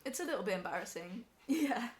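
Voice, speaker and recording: A woman's voice: medium pitch, very animated, fairly quick, slight background noise. A young woman on a live stream, emotional and teary as she talks to her chat from home.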